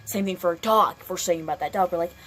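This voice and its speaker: A woman's voice: fairly low pitch, fast, fairly bright tone. A woman acting as a Spanish teacher in a playful home video, chatty and full of fillers, repeating herself often.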